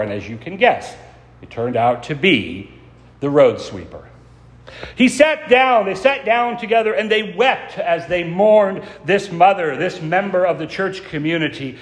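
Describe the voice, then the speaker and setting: Pastor guy preaching, measured storyteller, slightly high voice, big reverby church. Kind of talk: sermon.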